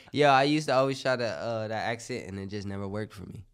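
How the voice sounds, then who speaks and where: A man's voice: mid-range voice, huge pitch swings, normal speed, smooth. A young man in casual podcast chat, telling rambling stories and often asking "you get what I'm saying?".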